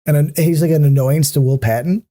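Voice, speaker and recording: A man's voice: fairly high pitch, mellow. A man co-hosting a podcast in casual chat, critical and ranting, swearing freely and restarting his sentences often. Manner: halting, many restarts. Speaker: podcast co-host.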